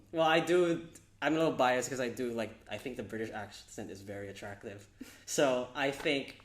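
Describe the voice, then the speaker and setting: A man's voice: mid-range voice, fairly bright tone, roomy sound. A man hosting a podcast, asking friendly questions with lots of fillers. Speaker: podcast host. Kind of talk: casual podcast interview.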